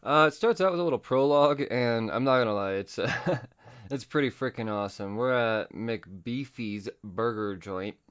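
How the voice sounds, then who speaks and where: Profane animated man recapping comics. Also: medium pitch, clean tone, muffled recording. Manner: profane, animated retelling with quick voice impressions. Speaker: podcast host. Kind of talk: casual comic book recap.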